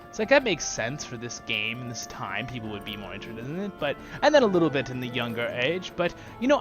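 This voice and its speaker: An enthusiastic male gaming host talks through his play in a casual, rambling way. His voice is bright and lively, rising and falling a lot. Faint game music sits underneath. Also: a little high. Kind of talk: casual gameplay commentary.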